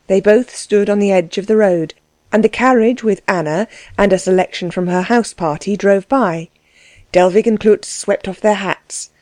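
A woman narrating an audiobook in a measured, expressive storytelling manner. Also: medium pitch, no room sound.

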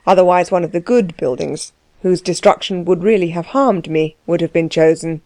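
Woman voicing a sinister male official, scornful, ominous, mellow low-key tone, storybook reading. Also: moderate pace, no room sound, close to an everyday voice. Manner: smooth, ominous.

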